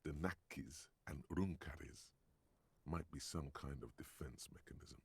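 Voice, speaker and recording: A man voicing a brooding inner-voice narrator in a video game, with a deep, gravelly voice and a grave, measured delivery. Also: exaggerated voice. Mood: ominous.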